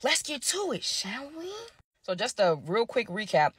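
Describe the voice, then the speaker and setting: A young woman telling a story in a casual, slangy, animated way, dramatizing each twist. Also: on the high side, normal speed, slightly rough, no room sound, clean studio sound. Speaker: storytime vlogger.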